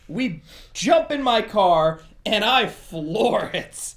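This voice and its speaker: A man's voice: high-pitched, animated, slow, a bit bright. A man co-hosting a podcast, casually telling stories among friends and acting out their voices. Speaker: podcast co-host.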